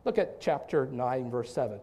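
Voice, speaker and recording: A male pastor preaching a sermon, animated and talkative, with frequent restarts and rhetorical questions to his congregation. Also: medium pitch, moderate pace, breathy edge.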